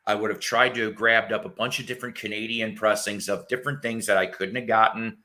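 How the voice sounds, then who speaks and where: A man's voice: fairly low pitch, steady tone, fast, sharp tone. A man hosting a casual chat show, rambling enthusiastically about old records and bands and swearing now and then. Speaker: host.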